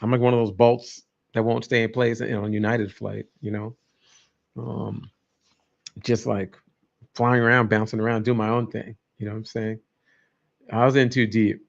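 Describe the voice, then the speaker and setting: A man's voice: on the low side, level tone, moderate pace, gravelly, pauses often. A man hosting a casual livestream, rambling and joking as he chats with viewers. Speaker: livestream host. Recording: dull lo-fi stream audio.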